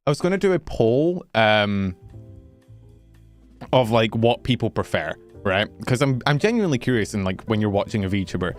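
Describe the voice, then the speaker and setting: VTuber host, casual rambling talker, low-ish voice, catches breath between tangents. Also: male voice, normal speed, faint music behind. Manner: rambling, self-interrupting, animated. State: slightly out of breath. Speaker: VTuber streamer. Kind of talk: casual chat with stream viewers. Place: warm bedroom.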